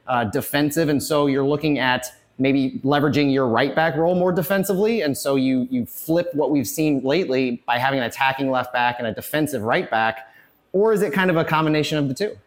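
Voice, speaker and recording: A man hosting a casual sports podcast live from a tavern, a little out of breath and talking with quick energy. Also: medium pitch. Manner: energetic, rapid listing of lineups. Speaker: podcast host. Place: bar and tavern, live on location.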